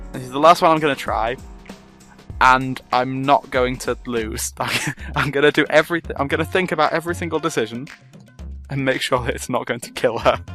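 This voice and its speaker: A man casually commenting on a text game he plays, amused and chatty, reading the story aloud. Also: medium pitch. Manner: chatty, amused, reads narration softly. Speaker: gamer.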